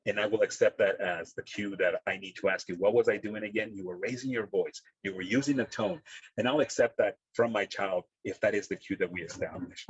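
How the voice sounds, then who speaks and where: A man giving a parenting workshop talk over a video call, earnest and halting, with many fillers. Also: on the low side, husky, no echo. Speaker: presenter. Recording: dull, dry audio over a video call.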